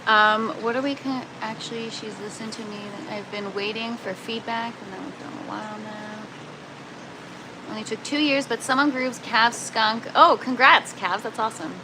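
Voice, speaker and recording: A young Canadian woman hosts a casual livestream from an indoor grow tent, chatting and laughing often while greeting viewers by name. Her voice is mid-range, and there is noise in the background.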